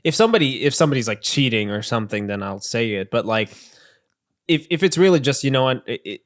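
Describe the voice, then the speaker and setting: A man's voice: medium pitch, animated, quick pace. A man co-hosting a podcast, blunt and profane in casual chat. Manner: blunt and profane, trailing off quietly. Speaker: podcast co-host.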